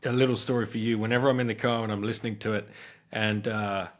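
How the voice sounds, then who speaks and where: A man's voice: on the low side, level tone, quick pace. A man hosting a podcast, chatting in an upbeat, teasing way. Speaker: podcast host. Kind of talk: casual chat.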